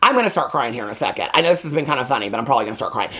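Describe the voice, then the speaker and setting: Fast, rambling man recapping a movie. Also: medium pitch, very animated, sharp tone, slightly rough. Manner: rambling, chatty, heavy filler "like", acts out quotes. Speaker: movie reviewer.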